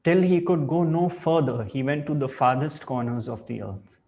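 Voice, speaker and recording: A man giving a spiritual talk, reflective and deliberate, weaving in a parable. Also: medium pitch, a little mellow. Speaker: spiritual teacher.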